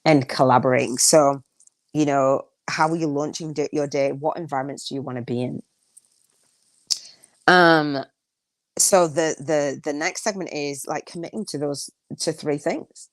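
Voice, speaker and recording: A woman hosts a solo podcast, talking casually and reflectively, rambling with restarts and repeated affirmations. Her voice sits low and moves at a measured pace, with no room sound.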